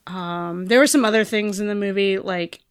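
A woman's voice: mid-range voice, fairly even intonation, moderate pace, clear, resonant tone, no echo, studio quality. A woman co-hosting a podcast, chatting casually in a rambling way, with lots of fillers and sentences that trail off. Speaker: podcast co-host.

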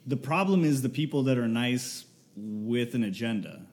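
A man's voice: mid-range voice, lively intonation, normal speed, a little mellow. Easygoing man musing on a podcast. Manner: thoughtful, quotes sayings, laughs easily. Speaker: podcast co-host. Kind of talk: casual chat.

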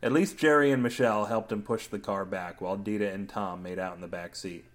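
A man's voice: lowish voice, steady tone, brisk. A man narrates a comic story on his own podcast, tossing off silly asides between scenes. His delivery is playful and loose. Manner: playful, absurd wordplay. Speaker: podcast host and story reader.

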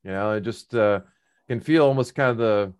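A man's voice: lowish voice, normal speed, clear, resonant tone. A middle-aged man casually telling a long personal story, rambling with many fillers and restarts.

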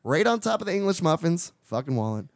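A man's voice: on the high side, very animated, fast, no echo. A man hosting a podcast, casually telling a long profane story in a small studio, acting out what others said and laughing along. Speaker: podcast host.

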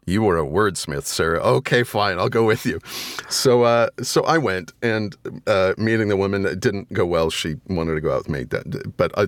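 Deep-voiced middle-aged guy telling stories on a podcast, swears a lot, jumps high for asides, dry close mic. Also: no echo. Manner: animated storyteller, jumps into loud high-pitched asides, swears freely. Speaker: audiobook narrator and guest. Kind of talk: casual storytelling interview.

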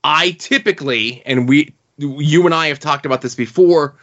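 A man's voice: a little high, normal speed, a bit bright. A man co-hosting a casual comic book podcast, making thoughtful points at length. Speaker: podcast co-host. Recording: dull lo-fi podcast audio.

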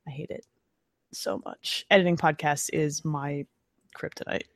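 A woman in her thirties hosting a podcast live stream, chatting casually, talking fast and excitably with frequent laughs. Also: sits low, no room sound, clean studio sound. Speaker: podcast host.

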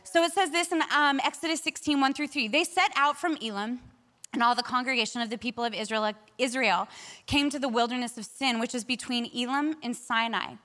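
A woman in her forties preaching a sermon, telling stories in an animated way and laughing often. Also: on the high side, a little fast. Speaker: pastor.

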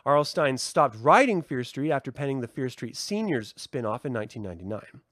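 A man hosting his own podcast, a profane, heated rant that swings between shouting and calmer explaining, recorded indoors. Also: medium pitch, fairly quick, dry recording, clean studio sound. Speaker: podcast host. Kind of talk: ranting solo podcast. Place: indoor room.

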